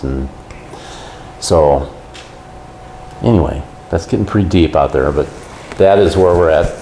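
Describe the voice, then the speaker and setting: A man guest on a talk show, telling his story in a casual, animated way and acting out the quotes. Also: low voice, roomy sound, a little hiss or hum.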